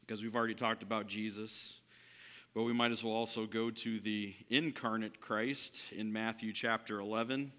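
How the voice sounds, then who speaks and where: A male pastor delivers a sermon in a large church hall. His voice is sharp and very bright, and it trails off into a long reverb. He moves between raised, emphatic lines and quiet, hushed ones. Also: lowish voice, fairly even intonation, moderate pace. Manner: swings from loud preaching to hushed, soft delivery.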